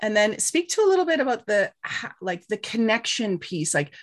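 A woman's voice: medium pitch, very animated, moderate pace. A woman hosting a podcast interview, affirming her guest with many short agreements. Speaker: podcast host.

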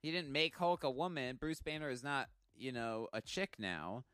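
A man's voice: medium pitch, expressive, a bit bright, clean tone. A man co-hosting a podcast in casual chat, swearing freely and laughing often. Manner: profane, quick to agree, laughs often. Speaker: podcast co-host.

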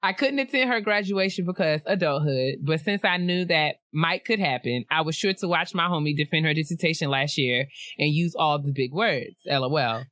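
Young woman, bright tone, dry close sound, animated casual chat, reads listener emails. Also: deep voice, moderate pace, hardly any pauses, dry recording. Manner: animated, laughing often, playful asides. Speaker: podcast co-host.

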